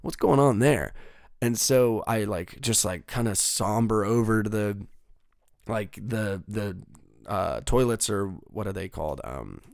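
A man's voice: on the low side, a little mellow, no room sound, studio quality. A young man telling a rambling, profane story in a casual monologue, full of fillers and restarts.

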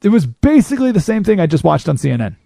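Animated talk-show man, lively and gravelly. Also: fast talker, no room sound, studio quality. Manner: animated, mocking, mimics people in high voices. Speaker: radio talk show host. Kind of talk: monologue commentary.

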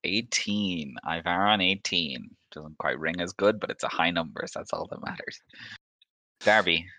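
A man running a tabletop game as game master, relaxed, laughing often and filling pauses with um. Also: sits low, no echo.

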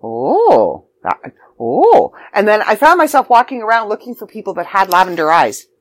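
A woman's voice: medium pitch, animated, quick pace, a bit bright. A middle-aged woman from Canada, a magazine editor talking casually and promoting a writing contest with chatty, self-deprecating asides. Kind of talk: casual video announcement.

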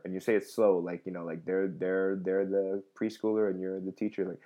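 Low, mellow-voiced man chatting loosely. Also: fairly even intonation, fast talker, muffled recording. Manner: rambling, many fillers and restarts. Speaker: comedian hosting a livestream podcast. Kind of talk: casual live chat reading viewer comments.

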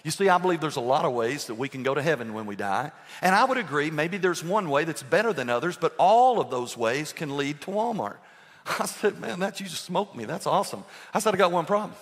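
A man's voice: fairly high pitch, expressive, fairly quick, long reverb tail. A man preaching a sermon as pastor, building to impassioned emphasis and slipping into conversational storytelling.

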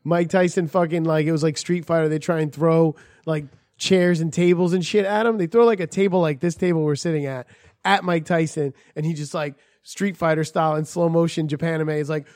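A man co-hosting a podcast, telling stories in a profane, animated way. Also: on the high side, brisk, no echo, studio quality. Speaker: podcast co-host. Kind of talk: casual chat.

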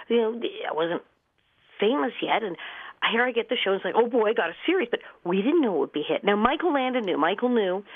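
A woman's voice: medium pitch, no room sound. A woman in her fifties, a guest actress and comedian, telling stories in a radio interview and laughing often. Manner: chatty storyteller, laughs often. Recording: phone-line call-in.

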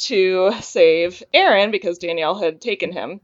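A young woman, a podcast guest in casual chat, talking in an animated way, getting worked up and laughing often. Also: lowish voice, normal speed, dry recording, muffled recording.

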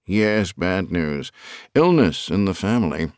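A man's voice: sits low, big pitch swings, measured pace, smooth, no echo, clean studio sound. A man voicing an anxious middle-aged businessman who talks in a clipped, tense way.

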